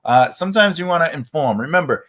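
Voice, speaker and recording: In a relaxed livestream writing lesson broadcast from home, a male teacher chats loosely, often using fillers and restarting sentences. His fairly high, slightly bright voice moves fast and animatedly.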